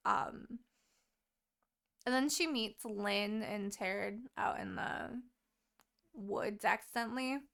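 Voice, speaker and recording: A woman co-hosting a podcast, retelling a book's plot in casual chat, animated and full of swearing. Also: medium pitch, slow pace, vocal fry, pauses often. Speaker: podcast co-host.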